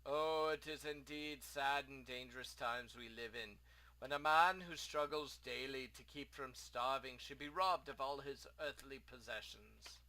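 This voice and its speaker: A man's voice: medium pitch, a little slow, sharp tone, rough recording. A man voicing a mournful exiled former merchant, reading game dialogue with melodramatic lament.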